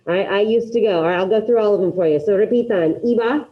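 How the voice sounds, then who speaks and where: A woman's voice: medium pitch, quick pace. A woman teacher runs a class with upbeat energy, drilling repetition and firing questions at her students. Her voice sits in a middle register. The recording is dull and lo-fi, like a classroom capture. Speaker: Spanish teacher. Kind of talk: classroom grammar lesson.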